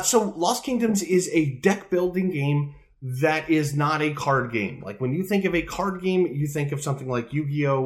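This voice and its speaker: A man in his thirties co-hosting a casual podcast about retro games, talking in a jokey, rambling, playful way from a room at home. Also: a little high. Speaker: podcast co-host. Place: home room with open window.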